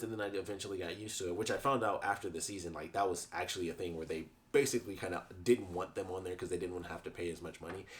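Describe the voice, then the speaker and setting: A young man giving a casual, rambling review monologue. He laughs often and restarts his sentences. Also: lowish voice. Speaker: YouTube reviewer.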